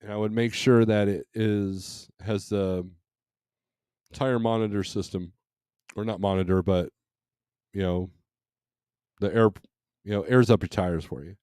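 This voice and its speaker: A man's voice: on the low side, fairly even intonation, measured pace, long pauses, mellow, clean tone, dry recording, studio quality. A middle-aged man hosting a trucking live stream, reading and answering chat in a casual, rambling way with many restarts and fillers.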